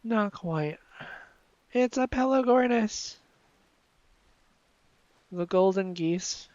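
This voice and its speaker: A man's voice: high-pitched, extremely slow, darkish tone, dry recording, dull audio. A man casually commenting on his gameplay, playful and a bit sleepy, chatting to his viewers and the creatures on screen. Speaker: streamer.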